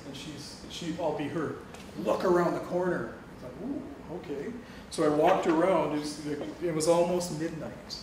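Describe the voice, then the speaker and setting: A man's voice: on the high side, steady tone, normal speed. A middle-aged man telling a personal story to an audience, acting out the dialogue and laughing often. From Canada. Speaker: guest speaker. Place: lecture hall on a campus. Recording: distant, echoey room recording with noise.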